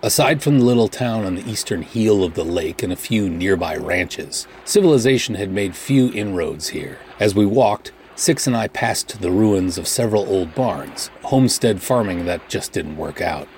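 A man reading a first-person pulp adventure audiobook in a measured, matter-of-fact way. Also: sits low, animated, a little mellow, slight background noise. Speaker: narrator.

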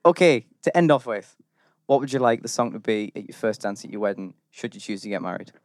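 Relaxed, joking podcast host. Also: male voice, fairly low pitch, quick pace, no echo, studio quality. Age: 20s. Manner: relaxed, joking, swears casually. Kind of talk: casual chat.

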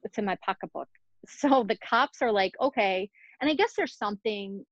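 A woman's voice: mid-range voice, no echo. Chatty woman host on a muffled lo-fi mic. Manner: chatty, many fillers and giggles. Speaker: podcast host. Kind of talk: casual true-crime chat.

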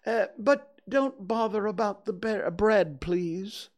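A man voicing a slow, simple-minded bear who loves honey, drawing his words out hesitantly and starting with little "uh" sounds. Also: high-pitched, voice pushed up.

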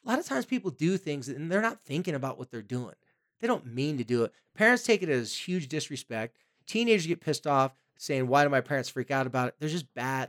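A man's voice: mid-range voice, fairly bright tone. Male podcast co-host: casual, emphatic advice-giver who slips into quoted voices. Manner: emphatic, acts out quoted parents and teens.

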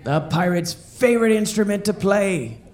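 A man playing a pirate comedian who tells family-friendly jokes and repeats each question before a slow punchline. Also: high-pitched, lively intonation, darkish tone. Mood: cheerful. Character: jolly joke-telling male pirate comedian.

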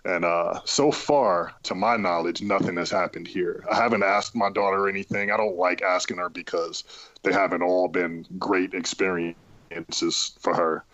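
A man sharing stories as a guest on a casual podcast, in a relaxed, earnest way. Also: sits low, moderate pace, muffled recording.

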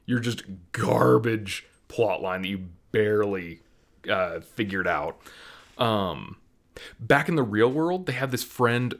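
A man hosting a casual movie review chat, animated and sarcastic, laughing often. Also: medium pitch. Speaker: movie review podcast host.

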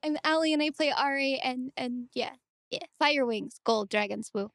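A woman's voice: sits high, moderate pace, a bit bright, dry recording, studio quality. A woman playing a tabletop game, making sarcastic quips in casual chat. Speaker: player.

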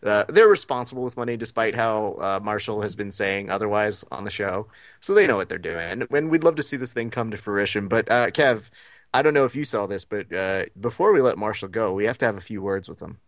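A man with a fairly low voice jokes around as a podcast co-host and swears freely. The sound is dry and close. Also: lively intonation, brisk, no echo. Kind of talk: casual chat.

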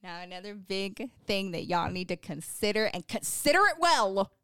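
A young adult woman co-hosting a podcast, telling stories in lively casual chat and acting out what others said. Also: medium pitch, normal speed, clear, resonant tone, no echo, studio quality. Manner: animated storytelling, acts out quotes. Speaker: podcast co-host.

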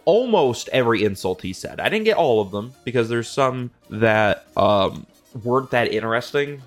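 A young man with a lively, swooping delivery tells old myths like gossip, cursing freely and slipping into quick impressions of the characters. His voice sits mid-range, and faint music plays behind him. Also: mid-range voice. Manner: animated, profane, slangy, mimics characters in quick asides. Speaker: podcast host. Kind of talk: casual comedic retelling.

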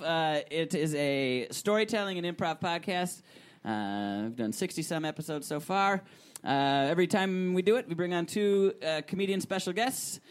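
A man's voice: fairly high pitch, clear, resonant tone. A man hosting a live podcast on a small theater stage, talking casually with lots of filler words. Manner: casual, many filler words, laughs often. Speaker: podcast host. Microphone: unamplified recording mic.

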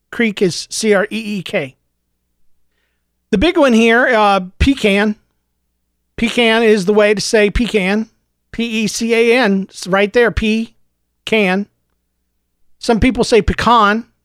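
A middle-aged man hosting a solo podcast, mock-ranting tongue in cheek in a low-key, unhurried way. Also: clean tone, no room sound, clean studio sound. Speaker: podcast host.

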